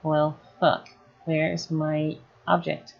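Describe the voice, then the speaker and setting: A woman running a casual live software tutorial, thinking aloud as she works. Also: low-pitched, monotone, slow pace, vocal fry, highs cut off. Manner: thinking aloud while working, casual and chatty. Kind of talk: live screen-recorded tutorial.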